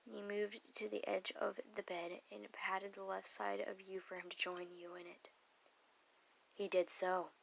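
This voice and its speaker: A woman's voice: mid-range voice, level tone, unhurried, creaky, slight background noise, low-quality recording. A woman reading a fanfic aloud, stumbling over words and dropping offhand side comments.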